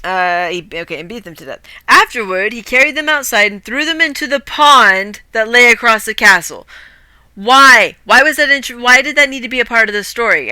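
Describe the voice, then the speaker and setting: Woman streamer reading a fairy tale, sweary, bright clear voice, dry close mic. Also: medium pitch, dry recording. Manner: swears a lot, breaks off to rant. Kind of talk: casual story reading with commentary.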